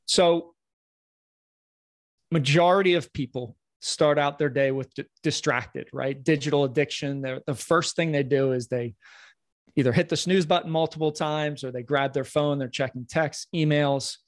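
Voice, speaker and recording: An earnest man speaking as a guest coach in a conversational interview, his voice sitting a touch high. He often stumbles into repeated words as he restarts. The sound is close and dry. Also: steady tone, normal speed, no echo. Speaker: podcast guest, morning-routine coach.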